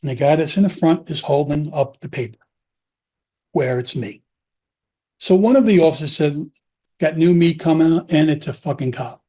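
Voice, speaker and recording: A middle-aged man, a former police officer, telling his own story in an interview in a blunt, heavily profane, animated way. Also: on the high side, normal speed, long pauses, breathy edge. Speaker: podcast guest recounting his prison time.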